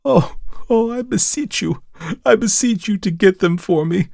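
A man's voice: lively intonation, moderate pace, darkish tone, no echo, studio quality. A man voicing a distressed, hypnotized noblewoman who pleads and trembles in an audiobook reading. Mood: pleading. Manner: trembling, pleading, rising to high cries.

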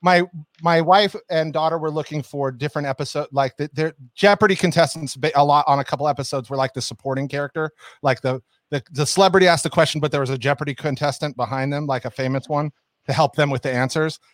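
A man with a slightly higher voice chats casually as a podcast co-host. He rambles and restarts his sentences often. The sound is dry and close to the mic. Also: fast, no echo. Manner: rambling, many restarts and fillers. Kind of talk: casual chat.

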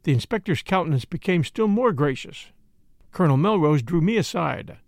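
A man narrating a story in a measured, expressive audiobook reading. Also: a little high, dry recording, studio quality. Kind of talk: scripted narration.

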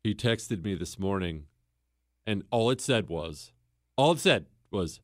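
A podcast host delivers an emphatic, opinionated monologue on his talk show, telling a story and pressing his argument. His voice sits on the low side with lively intonation and a measured pace, and he mimics others when quoting them and repeats words for stress. The studio-quality sound has no room echo.

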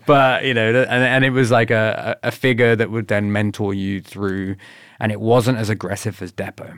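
A man's voice: on the low side, little pitch movement, normal speed, fairly bright tone, no echo, clean studio sound. A man telling stories in a casual interview, laughing often and swearing as he acts out what others said to him. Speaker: guest.

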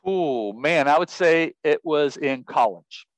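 A man telling a story as an interview guest, lively and laughing often, acting out what people said. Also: fairly high pitch, slow pace, dry recording, rough recording. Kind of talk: animated storytelling.

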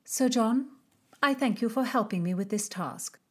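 A woman's voice: fairly high pitch, measured pace, darkish tone, voice pushed up. A woman voicing a guarded young female innkeeper in an audiobook, speaking formally and coolly polite. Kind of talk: audiobook character reading.

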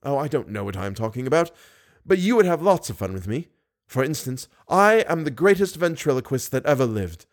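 A man's voice: medium pitch, big pitch swings, brisk. A man voicing a menacing masked male phantom in a storybook reading, wheedling and mocking by turns. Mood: brooding. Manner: wheedling, mocking, sudden bursts of glee.

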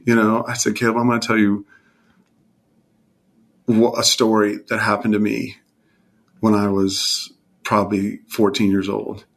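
A man's voice: fairly low pitch, completely flat delivery, unhurried, gravelly, pauses often. Earnest man in his fifties. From California. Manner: earnest and heartfelt, voice falls to a hushed near-whisper at tender moments. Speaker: guest. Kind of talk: emotional personal testimony in conversation.

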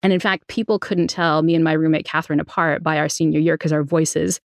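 Woman podcast host with a lower voice. She tells stories in an animated, chatty way and slips into quick impressions of other people. She is recorded close and dry in a studio. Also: gravelly, no echo. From New Bedford, Massachusetts. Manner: animated storyteller, mimics voices in anecdotes. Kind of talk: casual conversational podcast.

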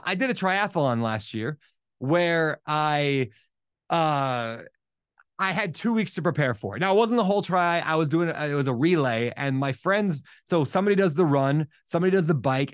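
A man telling a personal story in a casual, animated way, acting out his own thoughts as he goes. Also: fairly high pitch, moderate pace, clear, resonant tone, no room sound, studio quality. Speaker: podcast host.

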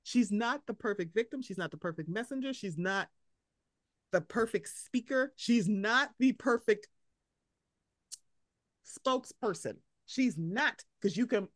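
A young woman from Baltimore hosting a podcast, chatting casually and profanely, acting out quotes with animated energy. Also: mid-range voice, no room sound, studio quality. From Baltimore, USA. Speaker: podcast host. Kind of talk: casual chat. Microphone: podcast mic.

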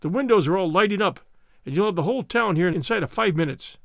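A man voicing an anxious male lookout who calls out urgent, rough-spoken warnings. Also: high-pitched, lively intonation, quick pace, a bit bright, no echo, clean studio sound, exaggerated voice.

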